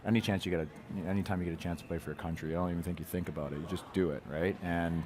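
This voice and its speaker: Deep-voiced joking hockey player. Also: male voice, steady tone, rapid-fire, a little mellow, a little hiss or hum. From Canada. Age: 30s. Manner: joking, candid, brushes off praise. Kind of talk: TV sports talk-show interview. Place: arena broadcast set.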